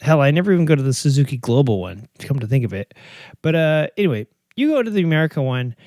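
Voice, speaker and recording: A man's voice: fairly high pitch, sing-song, fast, darkish tone, dry recording, studio quality. A middle-aged man hosting a podcast in a casual, rambling monologue, joking and poking fun at himself, with many fillers and restarts. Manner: joking, self-mocking, lots of fillers and restarts. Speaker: podcast host.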